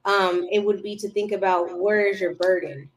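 A woman's voice: mid-range voice, steady tone, moderate pace. Easygoing woman podcast guest. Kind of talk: casual podcast interview.

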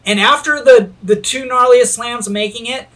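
A man telling a skateboarding story in casual chat, animated, swearing freely and laughing as he goes. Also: very high voice, normal speed.

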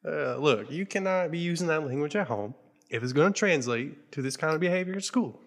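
A man's voice: fairly high pitch, brisk. A man playing an exasperated, foul-mouthed school principal in a comedy sketch read among friends. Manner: exasperated, swearing, deadpan.

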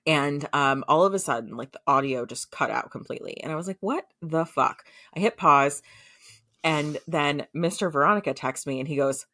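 A woman's voice: sits low, a little fast, fairly bright tone. A young adult woman co-hosting a podcast, retelling a show's plot in a chatty way with lots of fillers and laughter. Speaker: podcast co-host. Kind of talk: casual storytelling recap.

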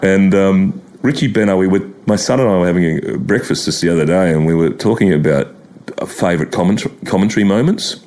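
A middle-aged Australian man chatting as a podcast guest, telling lively stories and breaking into laughs and quick impressions. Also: low-pitched. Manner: animated storytelling with impressions and laughter. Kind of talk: casual chat.

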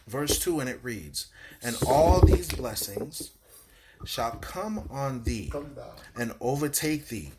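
A man preaching a sermon in call-and-response style, repeating lines for emphasis and reading scripture slowly. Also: mid-range voice, expressive, heavy background noise. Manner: reads scripture slowly and deliberately.

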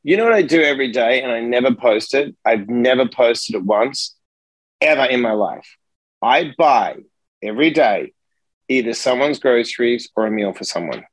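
A man's voice: medium pitch, normal speed, no room sound, poor audio. Middle-aged man, casual podcast guest, emphatic and swearing, dry close sound. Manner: emphatic, profane, animated storytelling.

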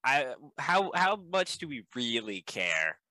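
A man's voice: mid-range voice, very animated, slow pace, bright, forceful tone, no echo, poor audio. A man playing a tabletop game, talking casually and filling with "like". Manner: casual, lots of "like". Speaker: player.

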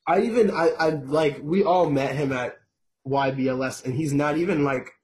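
A man's voice: on the high side, moderate pace, darkish tone, poor audio. A man co-hosting a casual political podcast who mostly reacts and agrees, with short interjections. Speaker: podcast co-host.

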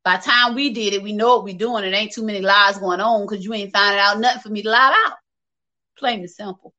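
A woman's voice: medium pitch, quick pace, bright, forceful tone, muffled recording. A woman hosting a casual livestream, reading viewer comments and talking candidly and directly to her viewers, laughing often. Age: adult, working age.

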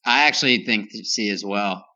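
A man's voice: fairly low pitch, moderate pace, sharp tone. A man on a sports podcast, playful and giggly in casual chat.

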